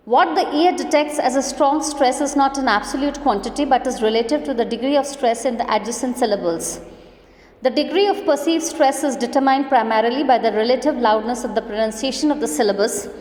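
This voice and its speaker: High-voiced lecturer in an echoey hall. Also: female voice, a little mellow. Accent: Indian English. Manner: slow, deliberate, definitional delivery. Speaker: college lecturer. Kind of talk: reading out a lecture. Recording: echoey classroom with long reverb.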